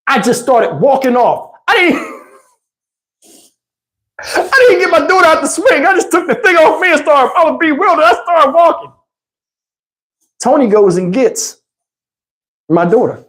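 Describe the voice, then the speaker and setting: A man with a Texas accent telling a funny story in casual, animated vlog style, laughing and acting out the people in it. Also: very high voice, normal speed, long pauses. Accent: Southern US, Texas. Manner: animated, swearing, laughs often, acts out the other people in the story. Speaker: vlogger.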